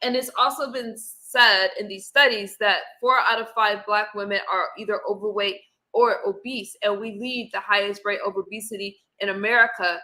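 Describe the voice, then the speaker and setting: A woman hosting a casual panel discussion, opinionated and quick to argue her point. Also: mid-range voice, fairly even intonation, pushed and bright, rough recording. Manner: opinionated, argumentative. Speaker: host.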